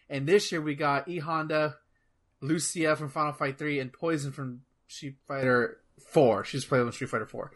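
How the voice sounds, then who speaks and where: A man chatting casually about gaming news on a podcast, rambling and excitable, swearing freely. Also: a little high. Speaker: podcast co-host.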